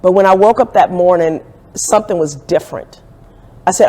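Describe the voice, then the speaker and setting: A woman's voice: fairly low pitch, moderate pace, dark tone. A woman who owns a business, recounting her beginnings in a candid documentary interview and acting out the quoted dialogue. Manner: candid, reflective storytelling with acted-out quotes. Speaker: entrepreneur telling her story. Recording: echoey room with long reverb.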